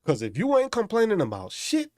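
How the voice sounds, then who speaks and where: Animated, angry ranting man. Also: high voice, brisk, dry recording, studio quality. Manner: angry, profane, mocking. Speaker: host. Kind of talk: profane ranting commentary.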